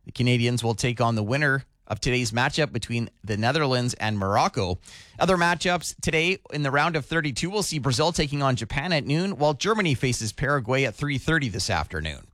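A male radio news anchor reading a scripted local newscast in a steady, measured delivery. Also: mid-range voice, no room sound, clean studio sound.

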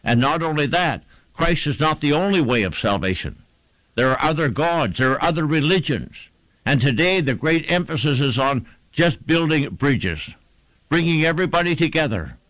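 A man's voice: a little high, sing-song, moderate pace, fairly bright tone, no room sound, poor audio. A man preaching a sermon, fervent and emphatic, building repeated phrases to a climax.

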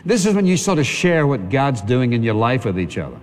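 A man's voice: medium pitch, sing-song, fairly quick. Man preaching a sermon in a reverberant hall. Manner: conversational preaching, asks congregation for amen.

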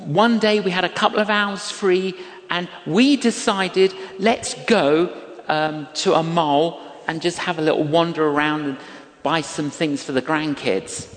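A man's voice: on the high side, fairly even intonation, a little slow. An older man preaching a sermon, telling a story and acting out the quoted voices of the people in it. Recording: long hall reverb.

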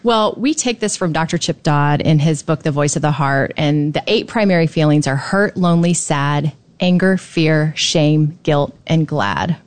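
A woman speaking as a guest, explaining her ideas in an animated, teaching way. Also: sits low, unhurried, few pauses. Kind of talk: casual chat.

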